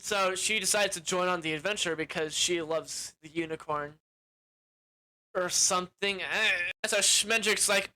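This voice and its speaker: Rambling, bright-voiced film reviewer. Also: mid-range voice, a little slow, rough recording. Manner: rambling, with frequent self-corrections and swearing. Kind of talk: casual plot recap.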